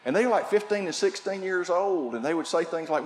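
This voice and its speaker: An older man preaching a sermon, telling family stories and shifting from shouts to quiet asides. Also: high-pitched, fast talker, few pauses, slight background noise. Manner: storytelling preacher, swings from shouting to hushed. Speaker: pastor.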